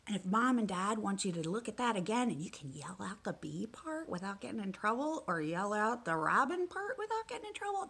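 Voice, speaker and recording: A young woman teacher reading a picture book aloud to young children, soft and sing-song. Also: medium pitch, breathy edge. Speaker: preschool teacher.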